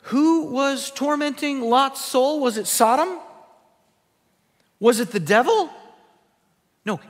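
A man's voice: on the high side, fairly bright tone, big-room sound. A male pastor preaching a sermon in a church sanctuary, teaching from scripture with emphatic delivery.

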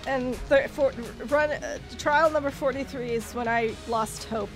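A woman's voice: high-pitched, measured pace. A woman streaming a game, giving dramatic, self-mocking commentary and yelping when panicked. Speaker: gaming streamer. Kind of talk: casual let's-play commentary. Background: game music.

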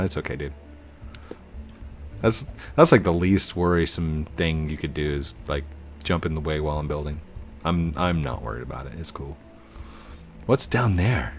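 A man's voice: deep voice, a little hiss or hum. A man giving casual, chatty commentary while playing a building game, laughing often and breaking into goofy pleading bursts. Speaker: gaming YouTuber.

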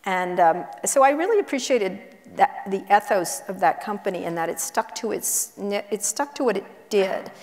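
A woman journalist telling blunt, brisk anecdotes with many asides, on stage in a university auditorium. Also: medium pitch, lively intonation, a little mellow. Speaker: guest journalist. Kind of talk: onstage conversation, storytelling. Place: university auditorium before an audience. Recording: echoey auditorium hall.

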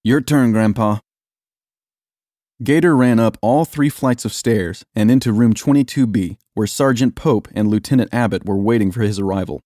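A man reading a story aloud in steady, even scripted narration. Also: fairly low pitch, brisk, hardly any pauses, no echo, clean studio sound.

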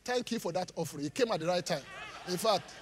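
A man preaching a live sermon in church, joking with the congregation and pausing for it to finish Bible verses. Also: high voice, animated, a little hiss or hum. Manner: call-and-response, leaves gaps for the congregation to finish verses; jokes and laughs with the congregation. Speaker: pastor. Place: church auditorium. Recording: live church hall reverb.

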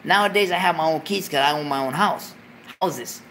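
A man hosting a talk show, telling a story in a profane, animated way, loudly acting out what was said. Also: a little high, brisk, a little hiss or hum. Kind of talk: casual storytelling.

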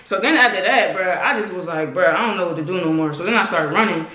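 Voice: mid-range voice, quick pace, pushed and bright. A young adult vlogger, chatting casually and spinning rambling nonsense stories on prank phone calls. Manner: playful, laughing, making up rambling nonsense stories. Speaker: channel host. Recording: echoey room, faint hiss.

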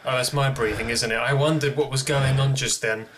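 A young man hosting a gaming video comments on a horror game as he plays, jumpy and joking to himself. His mid-range voice is fairly even in intonation and a little fast, with background noise present.

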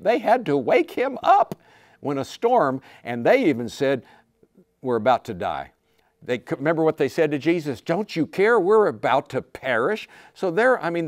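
Man, preacher, sermon, lively swooping voice, dry close sound. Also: medium pitch, no echo. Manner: animated, acts out quotes with sudden shouts and laughs.

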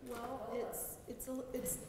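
A woman's voice: a little high, fairly even intonation, slow. A woman in the audience, answering a question hesitantly and searching for words. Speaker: audience member. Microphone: far from the mic. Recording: distant voice in echoey hall with noise.

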